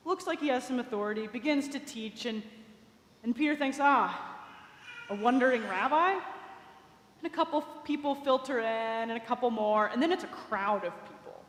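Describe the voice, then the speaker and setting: A woman preacher retelling a story in a conversational sermon, with small asides. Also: sits high. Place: large cathedral. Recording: echoey cathedral with long reverb.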